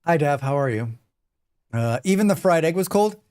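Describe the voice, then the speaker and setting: Man, game streamer, casual chat, reads viewer chat aloud, lively up-and-down pitch. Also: moderate pace, slight background noise. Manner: chatty, reads and answers viewer chat while playing. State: sneezing repeatedly.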